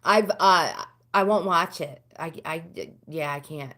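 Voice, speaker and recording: Middle-aged American woman, livestream host, low-pitched, casual chatter with viewers. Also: takes it slowly. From United States. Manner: chatty, talks back to comments, pitch swings up when animated.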